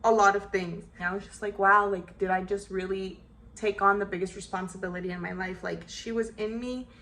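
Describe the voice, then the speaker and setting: A young woman vlogger telling a personal story in a casual, animated way, acting out what people said and leaning on "like" a lot. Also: mid-range voice, brisk, low-quality recording. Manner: animated, acts out quotes, frequent "like".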